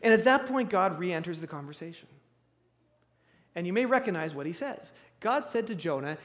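High-voiced male preacher in a reverberant hall. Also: lively intonation, moderate pace, a bit bright. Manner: conversational, with restarts and bursts of emphasis. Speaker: pastor. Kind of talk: sermon.

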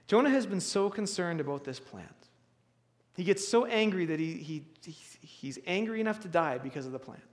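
A high-pitched man delivers a sermon, talking conversationally with restarts and bursts of emphasis. His voice rings with the long reverb of a large hall. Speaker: pastor.

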